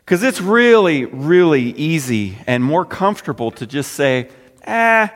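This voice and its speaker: A man preaching a sermon in a conversational way, his voice dropping low and soft at the ends of phrases. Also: lively intonation, unhurried, long reverb tail. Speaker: pastor.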